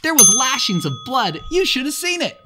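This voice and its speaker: A man voicing a boastful boy hunter, excited and then raging, with high, shouted boasts. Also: moderate pace, background noise.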